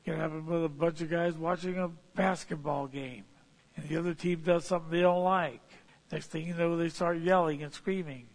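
A man's voice: on the high side, fairly even intonation, fairly quick. A man preaching a folksy, illustrative sermon, rising to sudden emphatic points.

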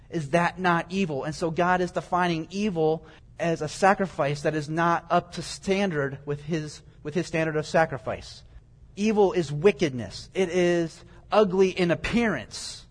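Male preacher, slightly raised pitch, plain-spoken verse-by-verse teacher, reverberant hall sound. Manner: explains scripture verse by verse in plain everyday words. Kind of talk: conversational Bible teaching. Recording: long reverb, echoey hall.

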